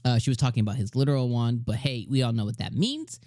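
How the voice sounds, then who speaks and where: A man reviewing an anime episode in casual, rambling talk, excitable and full of fillers and restarts. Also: medium pitch, fast talker, no echo, clean studio sound. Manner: retells scenes in slangy paraphrase.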